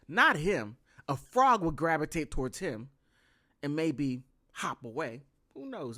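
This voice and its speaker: A woman's voice: fairly low pitch, fairly bright tone. An American woman giving casual, sarcastic commentary, often laughing. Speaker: vlogger.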